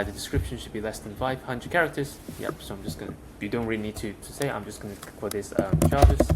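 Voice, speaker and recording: Young man, casual screen-share tutorial, chatty, fillers, noisy room, keyboard clicks. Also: lowish voice. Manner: loose and chatty with many fillers. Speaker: tech tutorial host.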